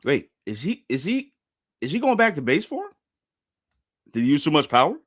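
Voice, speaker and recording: A man streaming a live reaction to a manga chapter, talking casually to his viewers and bursting into loud, repeated exclamations. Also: on the high side, very animated, normal speed. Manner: casual slangy talk addressed to viewers.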